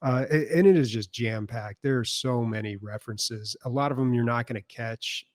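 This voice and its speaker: Podcast guy rambling on with tons of ums and likes, mid pitch, dry close sound. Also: moderate pace, no room sound. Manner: rambling, filler-heavy storytelling. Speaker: podcast co-host. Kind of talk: casual chat.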